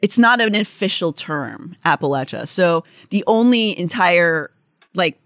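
A young woman co-hosting a podcast in a chatty way, with a Pittsburgh accent and a fairly low voice. She slips between loose banter and read-out facts, full of "like" and restarts. The recording is dry and close. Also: expressive, unhurried, fairly bright tone, no echo. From Pittsburgh area, United States. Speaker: podcast co-host. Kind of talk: casual chat mixed with read-out facts.

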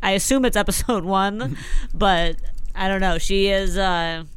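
A woman's voice: mid-range voice, a little slow, smooth. A woman co-hosting a podcast in casual chat, with wry, amused asides. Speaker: podcast co-host.

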